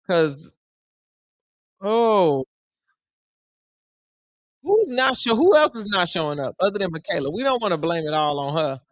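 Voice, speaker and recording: A man's voice: high-pitched, unhurried, long pauses, no room sound, studio quality. A young man giving casual, joking live commentary on a basketball game. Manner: animated, joking, slangy and conversational. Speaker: sports commentary streamer.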